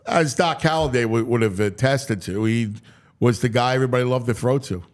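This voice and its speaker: A man with a medium-pitched voice and a Philadelphia accent hosts a sports talk radio show. He talks a little fast and casually, stumbling and restarting often.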